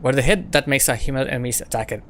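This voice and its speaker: A man's voice: medium pitch, very fast, a bit bright, a little hiss or hum. Rambling man chatting. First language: French. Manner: rambling, filler-heavy, repeats himself. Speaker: game streamer. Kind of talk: casual stream chat with viewers.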